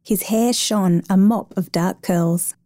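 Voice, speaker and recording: Woman reading a story out loud, calm measured pace, warm voice, dry studio feel. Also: medium pitch, dry recording. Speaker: adoption caseworker narrator.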